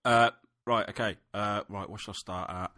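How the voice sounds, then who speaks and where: A man, co-hosting a gaming podcast and telling stories in an animated way, swearing freely. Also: lowish voice, moderate pace. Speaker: podcast co-host. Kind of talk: casual chat.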